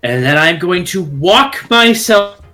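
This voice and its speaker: A man playing a tabletop game, describing his character's actions in an animated, playful way. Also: sits high, slow, faint music behind. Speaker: player.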